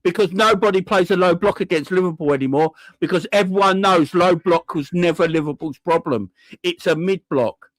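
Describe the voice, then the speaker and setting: A man's voice: sits high, moderate pace, no echo. A man hosting a live-stream football fan channel, ranting heatedly, swearing and talking to his chat.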